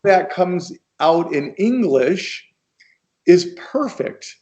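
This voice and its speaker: An American man speaking as a guest on a video call, talking in a slow, gentle and encouraging way. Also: high voice, expressive. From United States.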